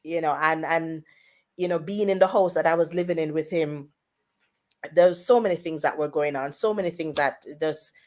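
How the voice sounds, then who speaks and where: Lady on the radio telling a story, animated, does everyone's voices. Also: sits low, normal speed. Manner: animated, voices family members in quotes. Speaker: radio guest. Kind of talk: personal storytelling.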